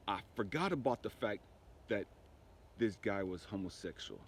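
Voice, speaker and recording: Low-voiced man telling a grieving testimony. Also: expressive, normal speed, slight background noise. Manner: conversational, repeats "you know what I mean", voice rises with emotion. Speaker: spiritual speaker. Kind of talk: personal testimony storytelling.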